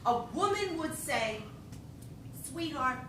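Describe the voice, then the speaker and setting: A woman telling a comic story on stage, animated and laughing often as she talks. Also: slow pace. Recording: echoey hall, voice from a distance, rumbling noise.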